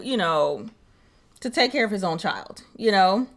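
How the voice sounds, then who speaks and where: Woman, young adult, podcast co-host, casual chat, expressive, medium pitch. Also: measured pace. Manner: animated, swoops high when mocking others.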